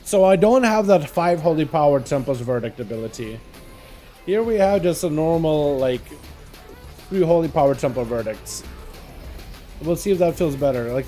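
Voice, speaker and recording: Greeting viewers by name as he plays, a male livestream host keeps up casual commentary on his game. His voice is a little high and warm in tone.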